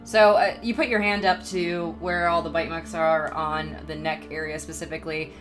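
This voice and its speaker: A woman narrating a tabletop horror game as game master, in a measured, descriptive way with frequent ums. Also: low voice, level tone, a bit bright, soft background music.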